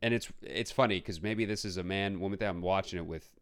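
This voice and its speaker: A lowish-voiced man co-hosting a casual film podcast. He talks bluntly and swears freely, and he keeps slipping into quick put-on voices as he acts out scenes. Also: a bit bright, clear, resonant tone. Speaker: podcast co-host. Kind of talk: casual film review chat.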